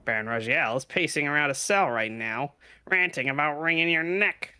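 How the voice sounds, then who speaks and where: A man's voice: fairly high pitch, expressive, moderate pace, sharp tone, smooth. A man voicing a chatty, snide male guard character in a game.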